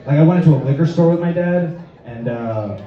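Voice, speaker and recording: A young man doing a stand-up set with a rambling, hesitant delivery full of filler words and awkward, deadpan asides. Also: a little high, brisk. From Lexington, Massachusetts. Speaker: stand-up comedian. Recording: echoey, dull sound from a distant mic.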